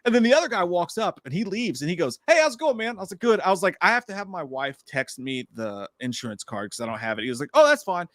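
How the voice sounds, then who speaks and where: Man, casual storytelling, animated, bright voice, fast. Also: a little high, no echo, studio quality. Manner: animated, acts out quotes, swears a lot. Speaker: podcast co-host.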